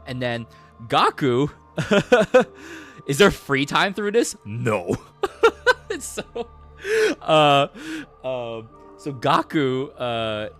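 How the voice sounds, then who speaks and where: Excitable young man with a lively voice. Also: medium pitch, extremely slow, pauses often, soft background music. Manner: excitable, rambling, frequent "like" and swearing. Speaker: streamer. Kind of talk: casual game recap.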